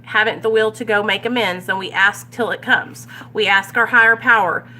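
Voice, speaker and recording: A woman with a mid-range voice and a sharp tone talks at a moderate pace, her intonation fairly even, over slight background noise. She's a recovery vlogger leading a Big Book study group in a casual chat, speaking candidly and conversationally. She keeps checking in with her listeners by asking "right?"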